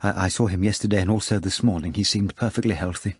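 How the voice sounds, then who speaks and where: A timid young poet who speaks nervously and in a hushed way, as a male narrator puts him on. The voice is meek and uneasy, recorded close and dry. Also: deep voice, fairly even intonation, fast, breathy edge, no room sound.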